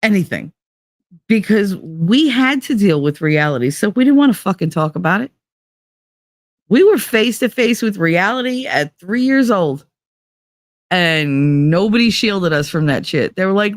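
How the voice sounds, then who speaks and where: A woman's voice: on the low side, animated, moderate pace, no echo, studio quality. A middle-aged woman hosting a casual podcast, talking bluntly with wry self-mocking humor and plenty of swearing. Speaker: podcast host. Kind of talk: casual personal chat.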